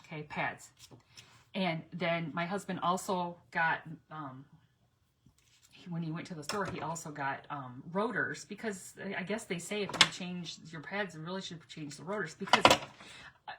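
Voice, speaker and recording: A woman's voice: lowish voice, moderate pace, heavy background noise. A middle-aged woman rambling through stories in a casual craft vlog, chatty and laughing between asides.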